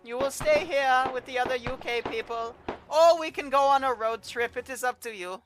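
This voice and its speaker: A man's voice: extremely high pitch, measured pace, music in the background, pitched above the performer's own voice. A man voicing a mocking German officer who gloats over a captured prisoner, in a theatrical, taunting put-on accent. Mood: gloating. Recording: voice chat over noisy game audio.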